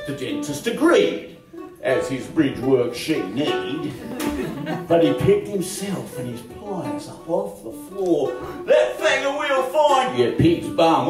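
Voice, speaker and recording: An Australian man performing a comic bush poem live in a hall, theatrical and lively, with chuckling asides. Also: on the high side. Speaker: folk club performer. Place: large hall, live concert. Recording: echoey hall, from far off, music.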